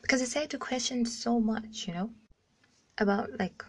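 A woman's voice: on the high side, moderate pace. Blunt, frank young woman from Zambia. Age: 20s. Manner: blunt, frank, lots of swearing and filler "like". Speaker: caller sharing a story. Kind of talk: casual storytelling voice note. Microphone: phone voice message.

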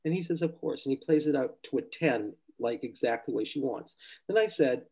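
An older man, a therapist, recounts a client session in an animated storytelling way, acting out the people he quotes and sometimes dropping to a soft, low voice. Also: a little fast, breathy edge, poor audio.

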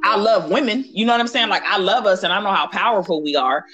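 Candid, animated woman organizer. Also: medium pitch, quick pace, soft background music. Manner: candid, animated storytelling with frequent cursing. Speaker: community organizer. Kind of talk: casual conversation.

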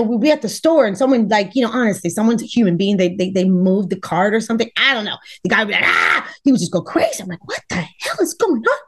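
A middle-aged woman from Los Angeles of Cuban background, a dating coach talking as a podcast guest, emphatic and repeating words as she acts out what people said. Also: a little high. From Los Angeles, Cuban family. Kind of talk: podcast interview.

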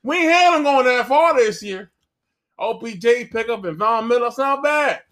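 A man voicing a brash, boastful Southern cousin in a mock drawl, rambling loudly with crude jokes. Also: sits high, brisk. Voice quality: mock Southern drawl, bragging sports talk. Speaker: podcast co-host.

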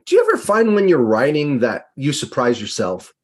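Husky, thoughtful male interviewer. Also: mid-range voice, very animated, moderate pace. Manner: thoughtful, musing, with hesitant fillers. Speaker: podcast host. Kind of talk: conversational interview.

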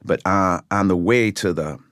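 A low-voiced older man from Michigan tells a story as an interview guest. He talks in a lively, animated way, and the recording is dry and close. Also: moderate pace, no echo. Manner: animated storyteller, acts out voices in his anecdotes. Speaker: guest musician.

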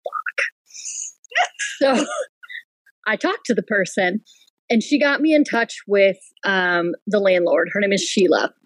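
Animated storytelling woman, dry sound. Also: mid-range voice, measured pace, no room sound, low-quality recording. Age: adult with a child. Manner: animated, laughing, swears casually. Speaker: henna artist and business owner. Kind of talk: casual storytelling chat.

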